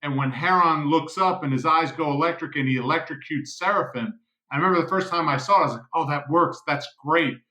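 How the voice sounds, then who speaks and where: A man who co-created the series, telling a story earnestly in an interview with halting restarts. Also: on the high side, bright, forceful tone. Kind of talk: casual interview chat. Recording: echoey room.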